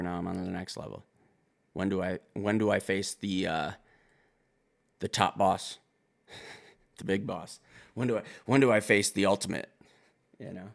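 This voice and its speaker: A man casually reacting to and reviewing a rap album, rambling and swearing as he thinks out loud. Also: sits low, gravelly.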